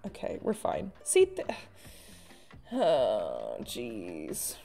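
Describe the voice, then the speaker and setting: A woman's voice: extremely low pitch, huge pitch swings, drawn-out words, creaky, mellow, faint music behind. A woman artist chatting casually and poking fun at herself while she draws on a live stream. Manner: chatty, self-mocking, with frequent laughs and sighs.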